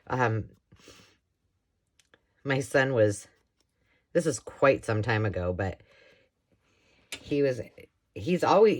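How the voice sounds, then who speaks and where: A woman chatting casually and rambling as she works on a craft project, often laughing. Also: rumbling low. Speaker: craft vlogger. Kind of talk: casual chat while crafting.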